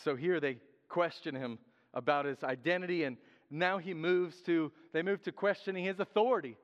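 A man preaching a sermon in a lively, joking way, acting out quotes in different voices. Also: fairly high pitch, moderate pace. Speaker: pastor. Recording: dull sound with long hall reverb.

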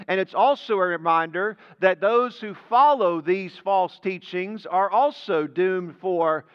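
Slow, high-voiced man preaching. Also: smooth, big-room sound, muffled recording. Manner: deliberate, emphatic preaching that drops low at phrase ends. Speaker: pastor. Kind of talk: sermon. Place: church sanctuary.

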